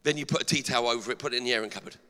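A middle-aged male pastor delivering an energetic sermon in a church, asking the congregation rhetorical questions. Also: medium pitch, rapid-fire. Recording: long hall reverb.

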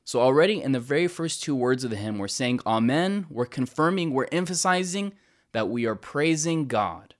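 A man teaching about a church hymn in an earnest, explanatory way, slowing down to stress key words and often restarting his sentences. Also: mid-range voice, lively intonation.

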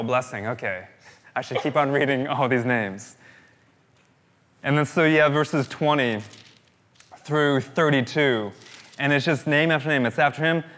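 A man's voice: on the high side, a bit bright. A male pastor giving a sermon in a conversational way, repeating phrases for emphasis.

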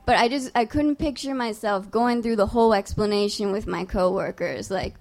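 A woman's voice: mid-range voice, moderate pace, hardly any pauses, darkish tone. A young adult woman telling a personal story live on stage, in a casual, profane, self-mocking way. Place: on stage before a live audience.

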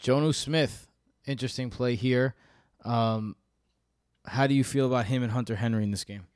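A man's voice: medium pitch, moderate pace, darkish tone, clean tone. A man hosts a fantasy football discussion in a chatty, easygoing voice, throwing questions to his co-hosts. The sound is dry, with no room echo. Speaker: fantasy football podcast host. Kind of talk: casual sports chat.

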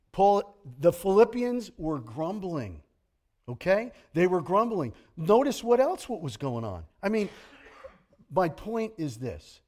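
A middle-aged man preaching a sermon as pastor, animated and jokey, slipping into grumbling impressions. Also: fairly high pitch.

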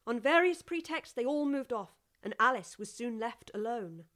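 A woman narrating a storybook in an even, measured reading voice. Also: on the high side.

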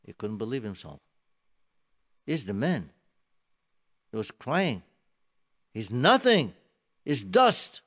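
A man giving a sermon, telling a story emphatically and swinging between soft and loud, with many restarts. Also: medium pitch, wildly swooping pitch, slow pace, pauses often. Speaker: rabbi giving a talk.

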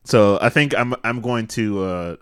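A man in casual chat who gives relaxed, measured commentary. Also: on the low side, smooth, no echo, clean studio sound.

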